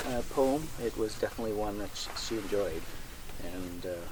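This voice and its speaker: A man, son of the deceased, speaking haltingly with fillers and reading a poem at an outdoor cemetery. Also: lowish voice. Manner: halting, plain-spoken, with many fillers. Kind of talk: graveside tribute and poem reading. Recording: outdoor recording with clear background noise.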